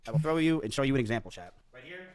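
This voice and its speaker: A man's voice: mid-range voice, very animated, racing. A man casually explaining himself on a livestream. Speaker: streamer in played clip. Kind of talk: livestream talk.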